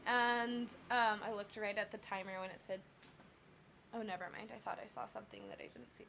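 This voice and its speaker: A woman's voice: medium pitch, steady tone, fairly quick, sharp tone, slight background noise. A woman singer telling a rambling story on her casual livestream, with many fillers and self-corrections. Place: Bali.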